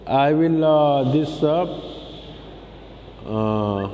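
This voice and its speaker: Hesitant Indian English teacher with a hint of reverb. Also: male voice, a little high, lo-fi sound. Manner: slow, repetitive, many filler pauses, mixes English with Hindi. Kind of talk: classroom lesson. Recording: long reverb, faint ambient noise.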